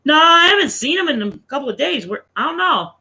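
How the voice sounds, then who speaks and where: An older woman answers with a high, bright, dismissive fib, as a man puts her on. She covers for her son without missing a beat. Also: sing-song, a little fast, full character voice, rough recording. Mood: evasive.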